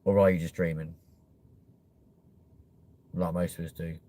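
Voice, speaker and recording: Brief: young guy, lowish voice, sweary live-stream host riffing loosely with chat. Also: level tone, a little slow, mellow, slight background noise. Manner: sweary, jokey, chatty with viewers.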